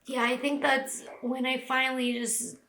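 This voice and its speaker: A woman's voice: high-pitched, level tone, moderate pace, bright, forceful tone. A young woman crying as she talks through a personal vlog, with lots of "like" fillers. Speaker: vlogger. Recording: echoey room.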